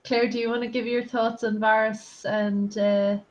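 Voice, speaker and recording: Hesitant woman panelist, flat delivery, dull video-call audio. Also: on the high side, moderate pace. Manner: hesitant, many ums, trails off. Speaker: guest panelist. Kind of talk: casual live video-call discussion.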